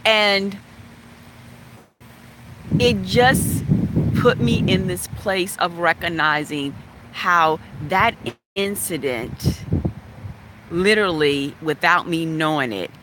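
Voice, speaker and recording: A woman from West Virginia frankly telling a personal story in a chatty, animated way. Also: fairly low pitch, slow, long pauses, background noise. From West Virginia, USA. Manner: frank, animated, chatty, laughs now and then.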